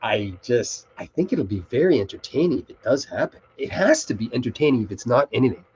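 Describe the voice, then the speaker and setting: A man's voice: mid-range voice, big pitch swings, fairly quick, a little mellow, slightly rough, muffled recording. A middle-aged man hosting a live web show, rambling and swearing casually as he talks. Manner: rambling, swears, easily distracted.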